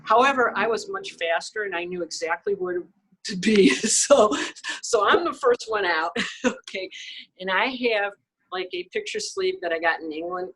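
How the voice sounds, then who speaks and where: Chatty woman telling a lively story. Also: mid-range voice, moderate pace, breathy edge, low-quality recording. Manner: lively storyteller, laughs often, acts out quoted lines; frequent "you know" and "okay" fillers. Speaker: guest photographer. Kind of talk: casual anecdote telling.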